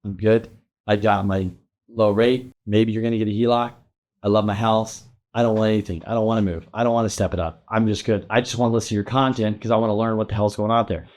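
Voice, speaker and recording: A man's voice: on the low side, flat delivery, quick pace, darkish tone. A middle-aged man hosting a real estate finance show, ranting emphatically about the market with casual swearing. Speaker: real estate loan officer and show host. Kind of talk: energetic market commentary to camera.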